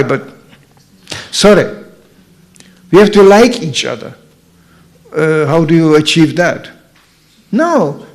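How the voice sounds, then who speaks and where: A man with a Slovenian accent giving an informal spiritual talk, telling stories and acting out the voices of the people in them. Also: a little high. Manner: storytelling, acts out quoted voices. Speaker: speaker at a temple program.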